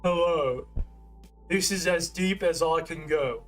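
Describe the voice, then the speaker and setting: A man putting on his deepest voice with an Australian accent, speaking slowly. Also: soft background music. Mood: deadpan.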